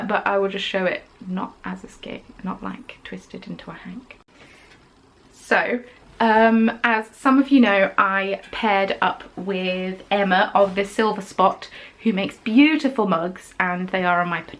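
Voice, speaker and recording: A woman's voice: medium pitch, poor audio. A woman hosting a craft podcast, chatting casually as she shows off her handmade pieces, gushing and rambling with frequent ums. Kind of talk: casual show-and-tell chat.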